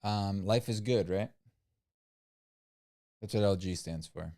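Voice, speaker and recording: A man's voice: lowish voice, slow, mellow. A man co-hosting a casual livestream, talking in a rambling, skeptical way with lots of "like" and "um.". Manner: rambling and skeptical, many "like" and "um" fillers. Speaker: livestream co-host.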